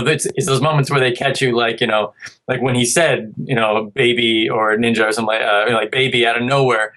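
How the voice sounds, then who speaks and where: A man's voice: mid-range voice, fairly bright tone, rough recording. A man in his thirties, a podcast guest, talking in a rambling, self-interrupting way and now and then mimicking a child's speech. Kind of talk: casual podcast chat.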